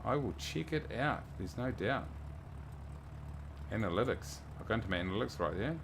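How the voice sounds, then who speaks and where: Low-voiced New man chatting on stream. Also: lively intonation, moderate pace, gravelly, background noise. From New Zealand. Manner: chatty, reads viewer messages aloud and thanks them. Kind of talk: casual livestream chat.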